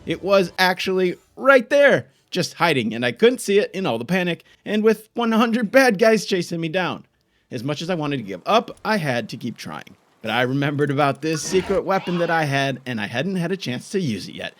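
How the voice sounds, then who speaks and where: A man's voice: a little high, big pitch swings, moderate pace, a bit bright. A young man giving frantic, frustrated commentary while playing a game. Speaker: gaming YouTuber. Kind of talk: gameplay commentary.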